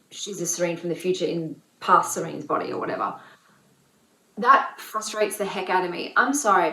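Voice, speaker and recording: Chatty opinionated woman, roomy sound. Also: mid-range voice. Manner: opinionated, animated, chatty with many fillers. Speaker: book reviewer. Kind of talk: casual book review vlog. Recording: roomy echo.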